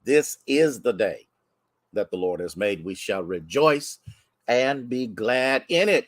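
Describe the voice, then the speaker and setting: American pastor guy on a livestream, low voice, kinda stuffy from sneezing, greets everyone by name, dry sound. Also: lively intonation, slow, no echo. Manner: warm, chatty, greets viewers by name. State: congested from sneezing. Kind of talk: livestream greeting to online viewers.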